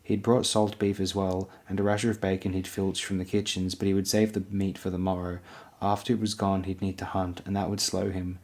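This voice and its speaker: Deep-voiced male audiobook narrator. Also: level tone, a little fast, a little mellow. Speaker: audiobook reader.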